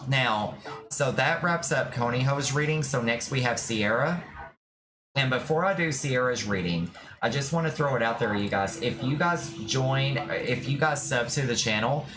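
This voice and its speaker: A streamer in casual live-stream chat, giving tarot readings and talking to viewers in a warm, reassuring way. The voice sits at a middle pitch, and clear music plays underneath the whole time. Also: lively intonation, normal speed. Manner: affectionate, reassuring, calls viewers "my love".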